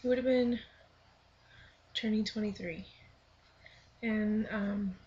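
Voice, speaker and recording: Woman, 20s, mid pitch; earnest vlogger reading her own blog to camera, soft near-whispers; muffled lo-fi camera sound. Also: fairly even intonation, slow. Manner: earnest, thoughtful, with soft half-whispered stretches. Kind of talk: reflective personal vlog, reading her own blog aloud.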